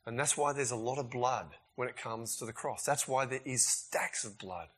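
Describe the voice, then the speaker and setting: A man preaching a sermon in a casual, emphatic way, swinging between loud bursts and quiet asides. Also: mid-range voice, normal speed, slightly rough.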